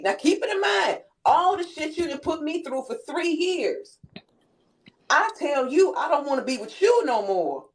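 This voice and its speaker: A woman, hosting a casual live-stream chat and telling stories with lively quoted voices. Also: sits high, measured pace. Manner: animated storytelling, quoting others in character. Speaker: host.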